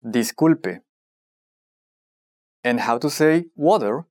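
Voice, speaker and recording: A narrator running a scripted language lesson, prompting the listener and modelling each word slowly and deliberately. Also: mid-range voice, lively intonation, background noise.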